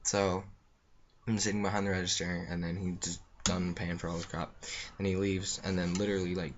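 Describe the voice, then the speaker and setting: A man's voice: sits low, flat delivery, brisk, muffled recording, a little hiss or hum. A young man telling a story in a rambling, offhand way, with lots of fillers. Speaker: vlogger. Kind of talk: casual storytelling.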